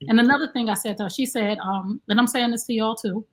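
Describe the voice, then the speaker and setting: A woman co-hosting a casual talk show, telling an animated story and acting out what people said. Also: a little high, fast talker. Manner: animated storyteller, acts out quoted dialogue. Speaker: co-host; special needs mom. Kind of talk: casual chat.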